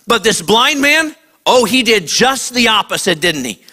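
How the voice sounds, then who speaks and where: A man preaching a lively sermon to kids, acting out voices and shouting at the high points. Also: measured pace. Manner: animated, acts out voices. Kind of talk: sermon to a young audience.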